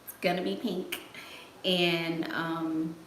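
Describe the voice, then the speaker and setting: A woman's voice: fairly low pitch, flat delivery, takes it slowly, fairly bright tone. Sassy laughing woman on a livestream. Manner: sassy, laughing, playful slang. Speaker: host answering live chat. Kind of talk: casual livestream chat. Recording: echoey room, faint noise.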